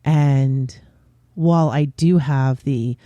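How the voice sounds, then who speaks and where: A man hosting his own podcast, talking openly in a casual, unscripted way with pauses and fillers. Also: mid-range voice, steady tone, dark tone, dry recording, dull audio. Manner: candid and open, with frequent pauses and fillers. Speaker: podcast host. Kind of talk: casual solo podcast chat.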